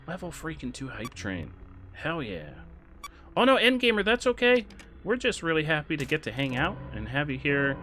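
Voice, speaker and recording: Excitable male streamer thanking chat. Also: normal speed. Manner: excitable, shouts out thanks to donors with big jumps in pitch. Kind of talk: casual live-stream chat while gaming.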